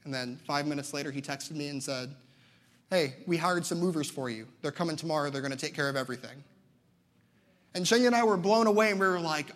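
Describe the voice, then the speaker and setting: A young man preaches from the pulpit, telling stories with lively emphasis and a slightly high voice. His words ring out with a long hall reverb behind them. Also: fairly quick. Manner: animated storytelling preacher. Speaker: pastor. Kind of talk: sermon.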